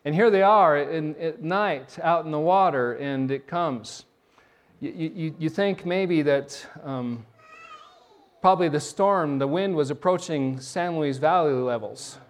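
A middle-aged man preaching a sermon, his voice sitting a little high for a man. He tells stories with energy and often stumbles into restarts and repeated words as he goes. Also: measured pace. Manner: animated storytelling with frequent restarts and repeated words. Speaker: pastor.

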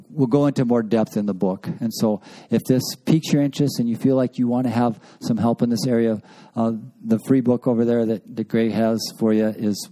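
A man's voice: mid-range voice, warm tone, poor audio. A middle-aged man giving an earnest, conversational talk to men at a family conference, acting out family dialogue as he tells stories. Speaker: speaker at a men's family session.

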